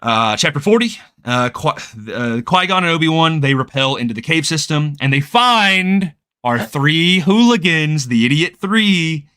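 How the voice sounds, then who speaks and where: A man hosting a casual book-club chat, recapping chapters in an animated, rambling way with lots of fillers. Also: fairly high pitch, a little slow, clean tone.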